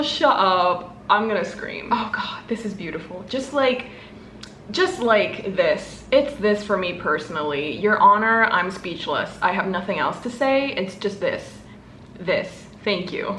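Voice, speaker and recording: Excitable book vlogger girl, kinda high voice, squealing over stickers, roomy echo, slight hiss. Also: unhurried. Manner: gushing, gasping, exclamatory. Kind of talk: excited unboxing chat.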